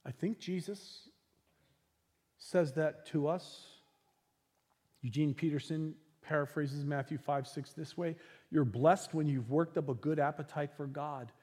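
A man preaching a sermon as pastor, earnest and unhurried, dropping into soft, hushed passages. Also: on the high side, breathy edge, long reverb tail.

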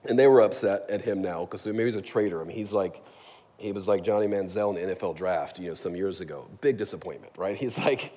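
A man's voice: low-pitched, fast, dark tone. Male pastor, chatty sermon, asks the room "right?", long reverb of a church hall. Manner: conversational, jokey, asks the congregation "right?". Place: church sanctuary.

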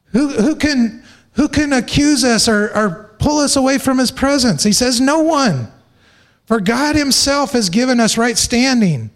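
Pastor guy preaching, high voice, emphatic, repeats lines for punch. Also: expressive, measured pace. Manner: emphatic, repeats phrases for stress; jokes lightly with the congregation. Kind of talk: sermon.

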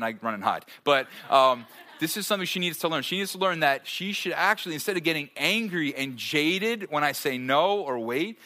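This sermon comes from a man in his thirties who speaks to his live audience like he's chatting, with plenty of rhetorical questions and jokes along the way. His voice runs on the high side and comes across bright and forced.

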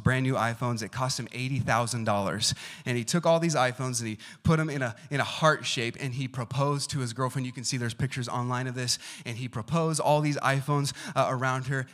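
A man preaching a sermon in a relaxed, conversational way. He keeps asking the congregation questions, tells everyday stories and slips into fillers now and then. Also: medium pitch. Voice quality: conversational, uses acted quotes and asides. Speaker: pastor.

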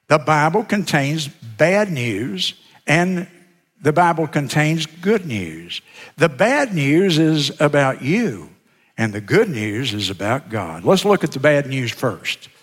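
A male pastor gives a hands-on teaching sermon, walking his congregation through a booklet page by page. His voice sits a little high for a man. The sanctuary leaves a long reverb tail on every phrase. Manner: practical, coaching, demonstrates with a booklet. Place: church sanctuary.

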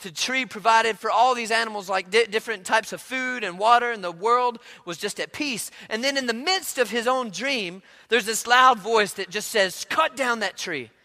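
A male pastor preaching a sermon in a relaxed, conversational storytelling way, often repeating words as he goes. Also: extremely high pitch, moderate pace, few pauses, in a large hall.

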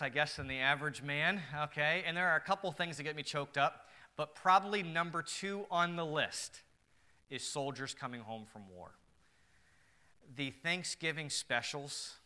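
A male pastor preaching a sermon in an earnest, emphatic way, moving between quiet reflection and loud emphasis. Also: medium pitch, clean tone.

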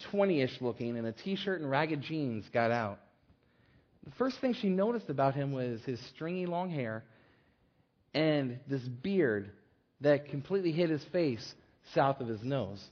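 A man preaching a sermon, telling a story in an animated way with frequent restarts. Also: mid-range voice. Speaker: pastor. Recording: slightly dull lo-fi recording.

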